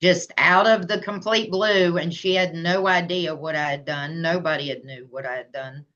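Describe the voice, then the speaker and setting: A woman's voice: fairly low pitch, steady tone, moderate pace, fairly bright tone. A woman, telling her own story plainly and earnestly as an interview guest. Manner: earnest, plain-spoken, voice rising when emotional. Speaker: guest, memoir author. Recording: slightly dull lo-fi sound.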